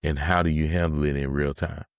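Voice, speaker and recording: A man hosting a podcast, asking relaxed questions and giving short encouraging replies. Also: very deep voice, brisk, no room sound, clean studio sound. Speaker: podcast host. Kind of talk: casual podcast interview.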